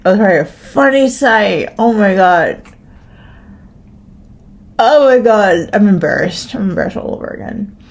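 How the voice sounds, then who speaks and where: A woman's voice: mid-range voice, lively intonation, moderate pace, pauses often. American woman ranting on her own podcast, swears a lot, rambly, says like constantly. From United States. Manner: rambling, profane, restarts and many "like"s. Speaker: podcast host. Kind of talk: solo podcast rant.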